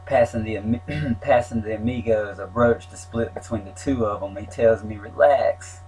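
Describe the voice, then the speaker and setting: A man's voice: fairly low pitch, steady tone, normal speed, a little mellow, faint music behind, low-quality recording. A man reading his own story aloud in a plain, wry telling. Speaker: memoir narrator.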